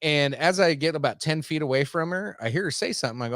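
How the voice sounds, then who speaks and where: A man's voice: on the high side, quick pace, fairly bright tone, dry recording, clean studio sound. A man hosting a podcast who tells a rambling, profane story in a casual way, full of fillers, and calls himself a simple country boy. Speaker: podcast host.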